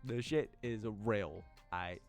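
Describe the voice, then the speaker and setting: A man streaming live, chatting casually with his viewers, laughing often and breaking into loud outbursts. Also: on the low side, slow, gravelly, faint music behind. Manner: addresses chat as y'all, slangy.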